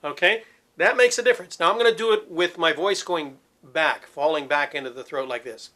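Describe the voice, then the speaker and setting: Male voice teacher, middle-aged, bright ringing tone, slightly high voice, demonstrative and explanatory. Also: fairly quick. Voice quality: resonant, focused head voice. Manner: demonstrative, explains with sung examples. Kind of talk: vocal technique lesson.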